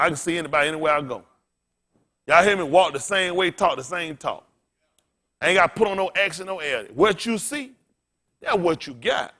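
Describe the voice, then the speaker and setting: Pastor man preaching, folksy call-and-response, voice swings all over, bright and forceful. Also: on the high side. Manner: asks the congregation questions and restates scripture. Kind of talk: sermon.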